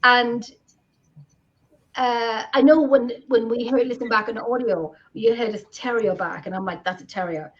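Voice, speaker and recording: On a live video podcast, an Irish woman co-hosts with a fairly high, steady voice at a normal pace. She chats casually, rambling and restarting often, and the video-call audio is lo-fi.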